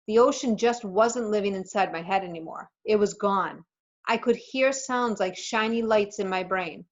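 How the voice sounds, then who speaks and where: A woman teacher reads a novel aloud in a steady storytelling voice. Her pitch is ordinary and mid-range. The recording is slightly muffled and dull. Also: moderate pace. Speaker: teacher reading aloud to a class.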